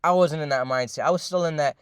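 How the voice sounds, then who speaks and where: A young man telling a long, rambling story in a casual, profane way, full of fillers and repeats, often addressing his listeners as ladies and gentlemen. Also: on the high side, fast talker, smooth, no room sound, clean studio sound.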